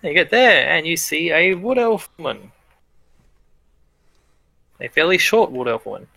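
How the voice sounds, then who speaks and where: A man's voice: a little high, sing-song, a little slow, gravelly, sharp tone, no room sound, poor audio. A man narrating as game master in a tabletop role-playing game, easygoing and chatty, laughing often.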